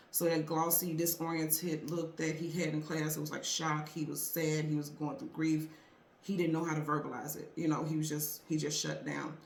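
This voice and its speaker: A woman's voice: sits low, slight background noise. Earnest chatty woman in an echoey room. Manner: chatty, earnest, many fillers and restarts. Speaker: tarot reader and channel host. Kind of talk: casual storytelling to viewers.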